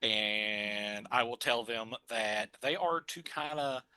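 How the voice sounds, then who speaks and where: A man takes his turn in a tabletop game. His voice is very bright. He lays out his plans in a loose, rambling way. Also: medium pitch, slow pace, smooth. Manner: rambling, scheming, many fillers. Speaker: player.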